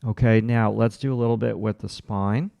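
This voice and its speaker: Male drawing instructor, livestream, running commentary, clean resonant voice with some fry, dry close mic. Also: on the low side, fairly even intonation, moderate pace, no echo, muffled recording. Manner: talks through each stroke in short, encouraging bursts. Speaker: art instructor. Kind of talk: livestream drawing lesson, thinking aloud while sketching.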